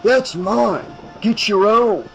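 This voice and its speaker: A man's voice: high voice, takes it slowly, faint music behind, voice pushed up, poor audio. A man voicing a menacing bullying teenage boy, harsh and barking. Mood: snarling.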